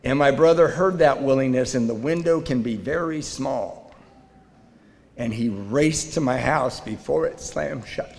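A man telling his recovery story to a live meeting audience, candid, swinging between loud and hushed. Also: medium pitch, unhurried, gravelly. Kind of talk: personal testimony to a live audience. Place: meeting hall. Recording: reverberant hall.

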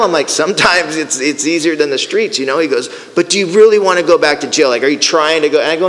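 A middle-aged man giving a personal recovery testimony, storytelling in an animated way and acting out the voices of the people in it. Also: fairly high pitch, fast, hardly any pauses, slight background noise. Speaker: recovery speaker. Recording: hall with long reverb.

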